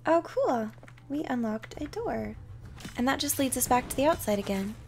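Soft-spoken woman reading a game aloud. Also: high-pitched, expressive, normal speed, gravelly, slight background noise. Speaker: game streamer.

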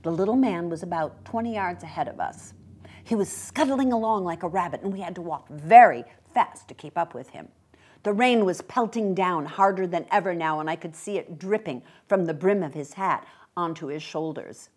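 A woman reads a story aloud in a low voice with a lively, varied pitch. Her narration is expressive and brisk. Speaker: reader. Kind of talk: dramatic story reading.

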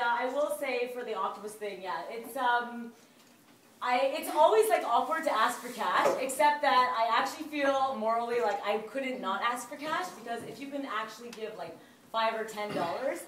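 A woman's voice: on the high side, fairly bright tone. A woman giving a hesitant, giggly casual speech at a party, full of fillers. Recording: echoey hall from far off, crowd noise.

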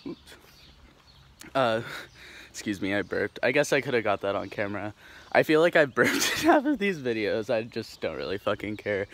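A young Pacific Northwest man from Tacoma, Washington, USA, rambles through a casual walking vlog in a neighborhood, full of fillers and restarts. His voice is fairly low and a bit bright, and faint outdoor noise runs in the background.

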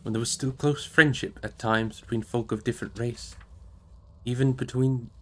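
A man voicing a grave, commanding old male wizard in an audiobook reading, measured and solemn. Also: medium pitch, steady tone, pushed and bright, lightly acted.

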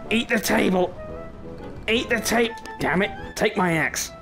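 A young man giving excitable gameplay commentary, full of swearing and mock threats. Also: high-pitched, unhurried, gravelly, loud music behind the voice. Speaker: gaming YouTuber.

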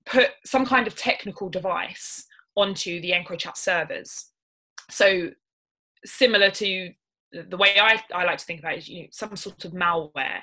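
Bright-voiced woman barrister explaining law. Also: fairly low pitch, rough recording. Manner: careful, explanatory, with many ums and restarts. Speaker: barrister presenting a legal webinar. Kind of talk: webinar presentation.

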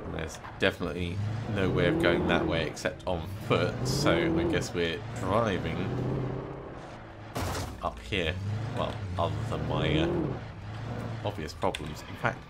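A man's voice: sits low, fairly even intonation, a little slow, creaky, heavy background noise. A man casually commenting while playing a video game, with wry joking asides. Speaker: let's play host.

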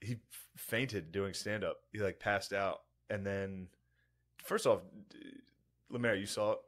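A man's voice: lowish voice, a little slow. A man co-hosting a casual podcast chat, telling stories loosely and swearing freely. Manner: loose, profane storytelling with frequent "dude". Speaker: podcast co-host.

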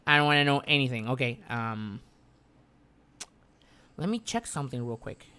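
A man streaming a game live, commenting excitably, muttering and repeating himself, then bursting into loud yelps and swearing. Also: mid-range voice, moderate pace, smooth. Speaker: gaming streamer.

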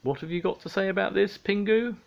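A grandad doing a kindly penguin dad. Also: male voice, deep voice, wildly swooping pitch, unhurried, dull audio, pitched above the performer's own voice, exaggerated voice.

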